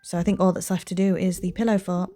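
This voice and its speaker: A woman hosting a game playthrough, calmly reading the game's text aloud and commenting. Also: lowish voice, quick pace, soft background music. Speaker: gaming channel host.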